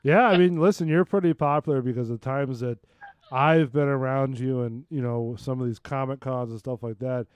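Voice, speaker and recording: A man's voice: mid-range voice, normal speed, darkish tone, clean tone, dry recording. A man hosting a casual interview chat, supportive and encouraging toward his guest. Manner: supportive, short backchannels.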